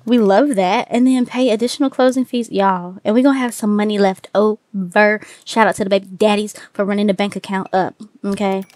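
Woman, gaming commentary, excitable, chatty, mid pitch, dry sound. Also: brisk, dry recording. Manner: excitable, chatty, addresses viewers as y'all. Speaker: gaming video host. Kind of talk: casual let's-play commentary.

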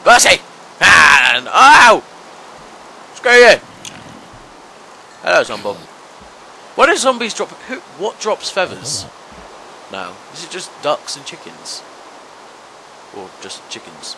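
A young man giving let's-play commentary, talking to the monsters and yelping and shouting whenever they hit him. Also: a little high, very animated, a little slow, pauses often, a little hiss or hum, low-quality recording. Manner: talks to monsters, yelps and shouts when hit. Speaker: gaming channel host.

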